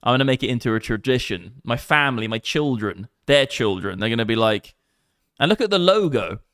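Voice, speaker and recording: Excitable swearing English guy in his thirties. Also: medium pitch, fairly quick, dry recording, studio quality. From England. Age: 30s. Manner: rambling, swears often, excitable. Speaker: crypto streamer. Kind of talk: casual livestream chat.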